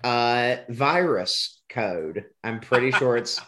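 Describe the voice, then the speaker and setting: A man's voice: mid-range voice, expressive, slow pace, bright, forceful tone. Rambling joking male podcast host. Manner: rambling, joking, stumbles over words. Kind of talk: casual chat.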